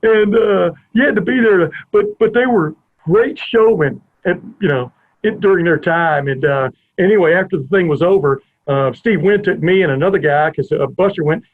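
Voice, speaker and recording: Guy rambling through a story with lots of tangents, higher voice, sounds like a phone line. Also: moderate pace. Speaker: podcast host. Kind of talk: casual anecdote telling. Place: home family room.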